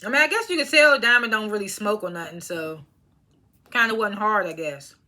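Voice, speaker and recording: A woman's voice: medium pitch, brisk, bright, forceful tone. A young woman recapping a TV episode in a casual monologue, laughing often and stringing thoughts together with fillers while she chews snacks. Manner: talks while chewing snacks. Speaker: TV episode reviewer.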